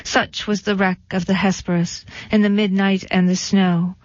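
A woman reading poetry aloud in a measured, rhythmic recitation. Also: medium pitch, little pitch movement, no echo. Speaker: reader. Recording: dull lo-fi dry recording.

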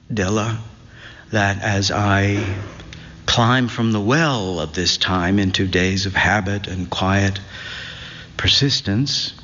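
A male narrator reads literary fiction slowly and reflectively, his voice at an ordinary pitch and a bit bright. The recording is dull and slightly muffled, with a long reverb trailing each phrase.

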